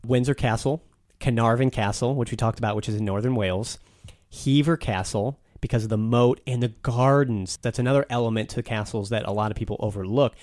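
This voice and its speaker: A man's voice: medium pitch, fairly quick, darkish tone, no room sound, studio quality. A man talking casually and enthusiastically as a guest on a podcast, telling stories with some restarts.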